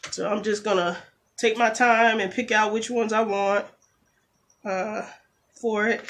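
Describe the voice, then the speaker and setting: A woman with a mid-range, slightly bright voice and fairly level intonation chats casually through a nail tutorial. She's a beauty vlogger filming on a camera phone, talkative and quick to lose patience, tossing in jokey asides.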